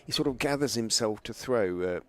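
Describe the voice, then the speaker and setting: A man giving live cricket commentary, chatty between balls and excitable when a chance goes down. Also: mid-range voice, a little fast.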